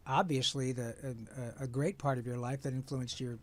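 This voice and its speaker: A man in his sixties from Michigan, a voice actor guest telling lively stories in conversation and slipping into playful character voices. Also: medium pitch, normal speed. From Michigan, USA. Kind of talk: animated storytelling in conversation.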